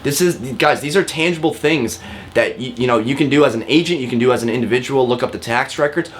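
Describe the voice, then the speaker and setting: A man's voice: medium pitch, quick pace, slight background noise. A man, a real estate agent, giving a casual lesson to camera, talking directly with frequent fillers and repeats. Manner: chatty and direct, often calls viewers guys.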